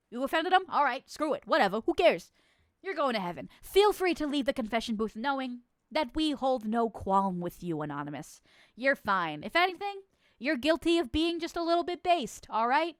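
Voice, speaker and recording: Lively, profane woman streamer playing a nun. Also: high-pitched, clear, resonant tone, no echo, clean studio sound. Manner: theatrical mock-solemn verdicts mixed with profane banter; laughs often. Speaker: streamer hosting a chat confession stream. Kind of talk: casual stream chat, playing a nun hearing confessions.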